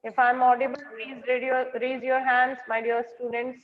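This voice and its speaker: A woman's voice: sits high, level tone, moderate pace. Female teacher, Indian English accent, online lesson, explains as she goes; lo-fi call audio, reverberant. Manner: explains words and checks if students hear her. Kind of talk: online class lecture. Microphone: online class call.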